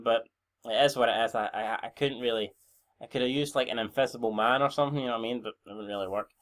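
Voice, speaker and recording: A man's voice: mid-range voice, a bit bright. A Scottish man in his twenties giving casual, rambling, sweary commentary on a wrestling booking game, often breaking off mid-sentence to correct himself. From Scotland. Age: 20s. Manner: rambling, sweary, self-interrupting. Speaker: YouTube gamer.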